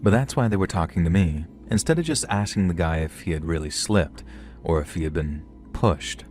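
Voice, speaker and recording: A man reading horror stories aloud in a steady, even storytelling manner. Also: low voice, normal speed, faint music behind. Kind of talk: scripted horror story narration.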